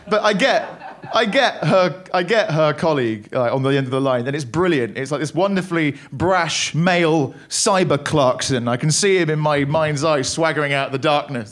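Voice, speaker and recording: Young male stand-up, high voice, dry self-mocking delivery into a handheld mic. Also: a bit bright. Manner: wry, self-deprecating, quick asides. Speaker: stand-up comedian. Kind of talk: stand-up comedy set. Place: comedy club stage with audience laughter.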